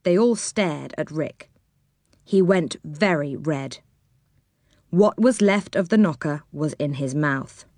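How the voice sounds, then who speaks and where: A woman reading a children's storybook aloud, gentle and expressive. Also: low-pitched, takes it slowly, dry recording.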